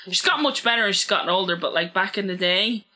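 A woman co-hosting a podcast in casual chat with a friend. Her voice is bright and a little sharp, and she teases and laughs as she talks. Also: mid-range voice, fast. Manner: teasing, laughs often. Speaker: podcast co-host.

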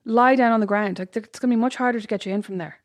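A woman's voice: a little high, very fast, dry recording. A woman co-hosting a casual chat podcast, blunt and self-mocking, laughing often. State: pregnant. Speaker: podcast co-host.

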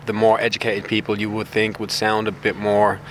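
A young man with a West Dublin accent, a drama student giving relaxed, halting answers. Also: lowish voice, slight background noise. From West Dublin, Ireland.

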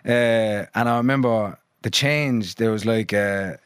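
A man's voice: fairly low pitch, unhurried, clean tone, dry recording, clean studio sound. A young man who grew up between London and Ireland, chatting loosely as a podcast guest, swearing freely and filling his talk with "like" and "you know". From London and New Ross, Ireland. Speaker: musician guest. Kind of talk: casual podcast chat.

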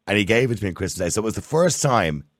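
Man, fifties, low voice, very lively pitch, animated storyteller, dry sound. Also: racing, no room sound. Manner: animated storyteller, chuckles often. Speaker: podcast co-host. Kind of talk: casual chat.

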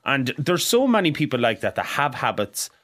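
A man's voice: mid-range voice, big pitch swings, moderate pace, a bit bright. A man co-hosting a podcast, telling crude stories in blunt, bawdy casual banter. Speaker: podcast co-host.

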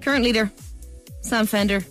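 A woman's voice: on the high side, normal speed. Giggly Irish woman radio host. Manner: giggly, teasing and excitable. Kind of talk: playful radio quiz hosting. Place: radio studio. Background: music.

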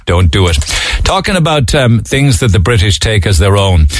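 An Irish man hosts a radio talk show in a chatty, easygoing way, laughing easily as he reads out listener texts. His voice sits on the low side. The studio sound is dry and close. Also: sing-song, moderate pace, no room sound. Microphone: studio microphone.

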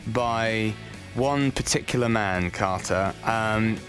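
Give me an English man casually hosting a sports podcast, with music clearly heard behind him. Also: fairly low pitch. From England. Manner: chatty, laughs easily, quick run-downs. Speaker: podcast host.

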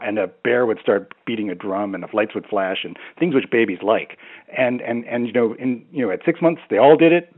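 A man's voice: mid-range voice, phone-quality sound. A man speaking as a language expert on a radio phone-in, hesitant with many restarts and fillers.

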